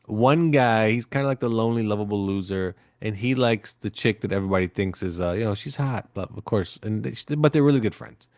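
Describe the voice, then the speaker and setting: A man co-hosting a casual podcast chat, his voice sitting a little low. He tells a story in a loose, rambling way and swears freely. The sound is dry and close, with no room echo. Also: a little fast, hardly any pauses, a little mellow. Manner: rambling, profane storytelling with acted-out quotes. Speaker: podcast co-host.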